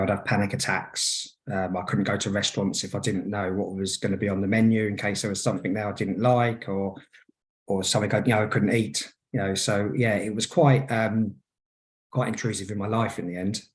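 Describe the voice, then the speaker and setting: A man's voice: lowish voice, flat delivery, brisk. A man in his forties, a podcast guest telling stories in a hesitant way, full of ums and restarts. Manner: hesitant, filler-heavy storytelling. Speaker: guest, hypnotherapist. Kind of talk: casual podcast interview.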